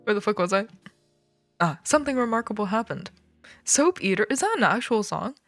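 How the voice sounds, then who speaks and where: A woman's voice: medium pitch, big pitch swings, normal speed, dry recording, soft background music. A woman streamer reading a children's book aloud, breaking off for joking, swearing asides.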